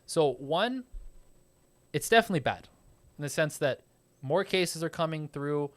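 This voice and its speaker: A fairly high-pitched man talks in a loose podcast chat. He explains his point emphatically and swears freely. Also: expressive, measured pace. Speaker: podcast co-host. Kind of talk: casual chat.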